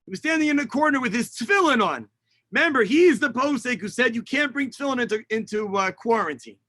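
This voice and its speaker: A man who is a rabbi, teaching a lesson over a video call as an animated storyteller who mixes in Hebrew and Yiddish terms. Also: very high voice, fast talker, no room sound.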